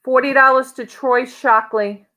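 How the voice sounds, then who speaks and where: Southern woman auctioneer, high and unhurried, upbeat bid calling. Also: fairly even intonation, sharp tone, low-quality recording. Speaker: auctioneer co-host. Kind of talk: live online auction calling.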